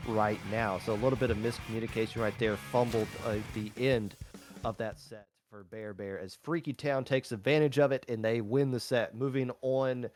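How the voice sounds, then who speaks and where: A man commentating a live game tournament, relaxed and joking with his co-caster. His voice sits at an ordinary middle pitch. Faint music runs in the background. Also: moderate pace. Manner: easygoing, joking banter. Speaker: esports commentator.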